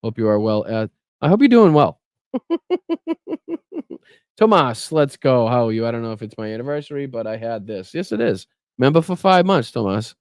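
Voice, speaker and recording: Male streamer, casual and rambling, salty language, smooth voice, dry close sound. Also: medium pitch, lively intonation, moderate pace, long pauses, a little mellow, no echo. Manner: rambling, swears freely, thanks viewers. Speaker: livestream host. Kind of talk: casual live chat reading comments.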